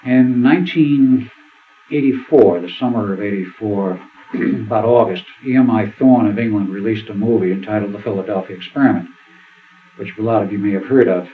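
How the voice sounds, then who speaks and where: A man's voice: on the low side, moderate pace. Older man telling stories, tinny sound. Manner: rambling anecdotal storytelling, acts out quotes. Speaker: seminar speaker. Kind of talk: storytelling talk at a seminar. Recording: tinny phone-like sound with faint hiss.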